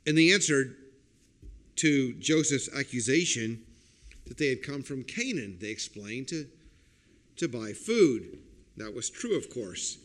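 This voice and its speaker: A man preaching a sermon as a pastor, explaining a passage and checking in with listeners with "okay?" and "right?", and breaking into loud acted-out quotes. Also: medium pitch, big pitch swings, a little slow, pauses often. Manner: acts out quoted lines with sudden loud outbursts.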